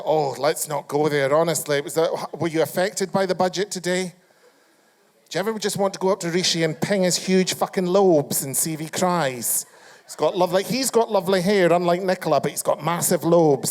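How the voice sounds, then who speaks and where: High-voiced Scottish host roasting a crowd. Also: male voice. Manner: foul-mouthed, camp, teasing the audience. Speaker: chat show host. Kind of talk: live stand-up crowd work. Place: live comedy venue.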